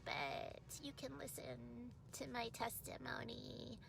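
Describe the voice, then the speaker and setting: An actress doing an impression of a grown woman with a babyish, breathy voice full of heavy vocal fry, in a comedic clip. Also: a little high, expressive, background noise, heavily acted. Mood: mocking. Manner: breathy, halting, whispery.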